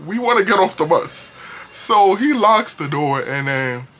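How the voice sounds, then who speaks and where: A young man telling a storytime vlog in an animated, casual way, laughing often. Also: high-pitched, unhurried, a little hiss or hum. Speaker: vlogger.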